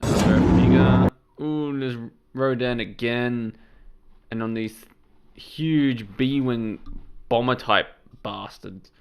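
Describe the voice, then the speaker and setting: Rambling man with a smooth voice. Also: medium pitch, slow, dull audio. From Serbian background. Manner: rambling, self-correcting, casual swearing. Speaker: channel host. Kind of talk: casual trailer reaction commentary.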